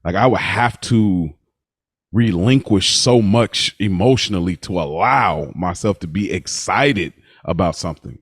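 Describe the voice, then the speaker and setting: A man co-hosting a podcast in casual, slangy chat, easily amused and quick to laugh. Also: sits low, husky, no echo, clean studio sound. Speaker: podcast co-host.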